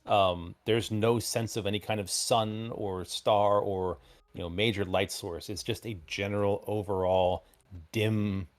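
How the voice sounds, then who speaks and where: A man narrating a tabletop role-playing game as game master, describing scenes in a halting, rambling way with many fillers. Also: lowish voice, steady tone.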